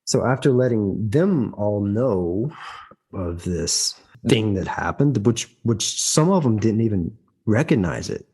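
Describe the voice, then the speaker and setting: A man with a lowish, husky voice, talking as a podcast guest. He tells a long story in conversation, stumbling over restarts and repeated words. His delivery grows emphatic and heated as he goes. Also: animated, takes it slowly, mellow, faint music behind. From United States. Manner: emphatic, heated when recounting conflict. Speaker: guest actor.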